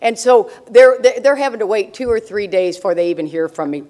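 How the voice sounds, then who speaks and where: A woman's voice: mid-range voice, brisk, warm tone. An older woman speaking at a recovery meeting, telling stories with brash, joking humor and frequent laughter. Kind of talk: humorous storytelling talk to an audience.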